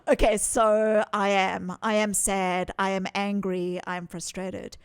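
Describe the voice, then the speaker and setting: A woman talks earnestly through a psychological idea, animated and often doubling back on words for emphasis. Her pitch sits in a middle range. The sound is dry and close, with no room around it. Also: a little slow, clean tone, no room sound. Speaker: psychologist guest. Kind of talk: interview, explaining ideas.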